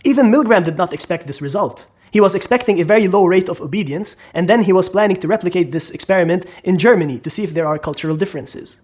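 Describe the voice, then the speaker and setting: A man's voice: high-pitched, fast talker, few pauses, a little mellow. A man narrating a psychology lesson in a dramatic way, asking the listener questions. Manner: dramatic, asks the listener questions, acts out quotes. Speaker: psychology lecturer. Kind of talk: explainer video narration.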